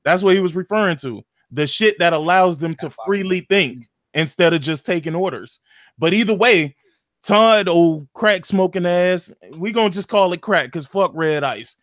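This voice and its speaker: A man's voice: high-pitched, moderate pace, a bit bright, no echo, studio quality. A man, animatedly retelling a video game story in casual chat, full of slang and profanity. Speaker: gaming podcast co-host.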